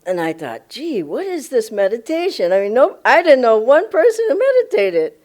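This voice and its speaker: An older woman tells a personal story at a spiritual gathering. Her pitch rises and falls with animation as she reenacts her own surprise. She talks with bubbling enthusiasm and laughs often. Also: sing-song, moderate pace, a little mellow. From Los Angeles, USA. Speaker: spiritual director giving a satsang talk.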